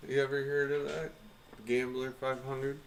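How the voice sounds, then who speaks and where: A man's voice: mid-range voice, little pitch movement, a little slow. Chatty man with noisy background. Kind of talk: casual chat.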